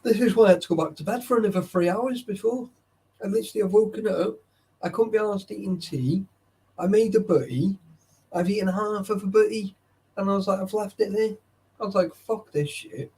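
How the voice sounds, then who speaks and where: A man's voice: high-pitched, brisk, dark tone, breathy edge. A young man chatting casually with live viewers, tired and sleepy, swearing often and greeting chatters by name. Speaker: livestreamer.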